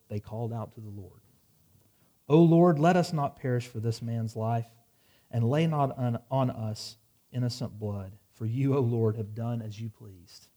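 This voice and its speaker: A man's voice: medium pitch, warm tone. A man preaching a sermon, reading scripture dramatically and dropping wry asides. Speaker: pastor.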